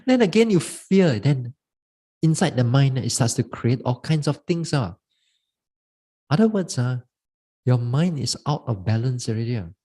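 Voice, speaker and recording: Monk, warm mellow tone, unhurried halting dharma talk with fillers. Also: male voice, mid-range voice, sing-song. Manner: halting, repeats words, many "uh" fillers. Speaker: Buddhist monk teaching meditation.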